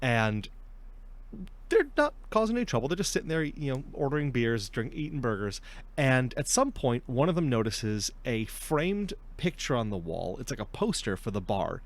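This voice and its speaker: A man's voice: medium pitch, very animated, normal speed. A young man hosting a casual podcast, telling stories in a chatty way and laughing often. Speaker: podcast host.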